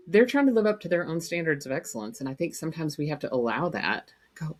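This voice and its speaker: A woman's voice: deep voice, animated, quick pace, hardly any pauses. A woman in her fifties, a grandmother co-hosting a podcast, chatting candidly and telling stories with frequent laughs. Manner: candid, laughs often, storytelling. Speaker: podcast co-host. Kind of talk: casual chat.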